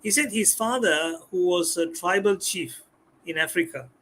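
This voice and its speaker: A man, a guest speaking on a live stream, animated and repeating words as he explains. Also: high-pitched, moderate pace. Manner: animated, acts out customers' voices, repeats words. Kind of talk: live-stream talk on communication skills.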